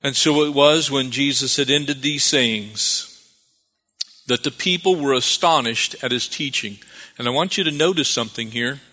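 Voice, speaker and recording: A man's voice: mid-range voice, moderate pace, pushed and bright. A man preaching a sermon as pastor, calling for amens and repeating phrases for emphasis. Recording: long reverb of a hall.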